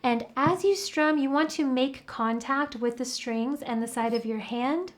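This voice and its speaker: A woman with a high voice walks a beginner through chords and strumming, patient and chatty, with fillers as she explains. Guitar playing runs clearly under her words. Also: measured pace. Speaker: guitar teacher. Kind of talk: guitar tutorial with playing and singing.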